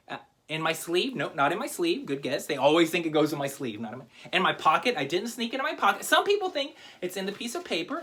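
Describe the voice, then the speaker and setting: A man's voice: high-pitched, bright, forceful tone, slightly rough. A man giving a comic magic lecture to camera, teaching a trick while joking, rambling and interrupting himself. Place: home video recording.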